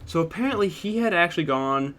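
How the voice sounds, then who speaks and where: Bright-voiced man rambling through a story. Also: on the high side, animated, fast talker. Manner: rambling, offhand, self-deprecating. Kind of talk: casual storytime narration.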